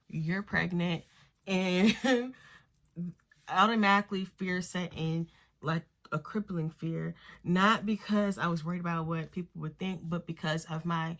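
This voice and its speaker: A woman's voice: on the low side, fairly bright tone. A young woman vlogger chatting through a story while doing her makeup, full of fillers and acted-out quotes. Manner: chatty, filler-heavy, acts out quoted voices. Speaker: beauty vlogger.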